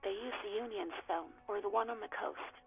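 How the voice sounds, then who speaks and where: A woman's voice: medium pitch, brisk, creaky, loud music behind the voice. An actress voicing a guarded young woman on a phone call in a video game, heard through a telephone filter. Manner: guarded, reluctant answers. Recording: tinny phone line.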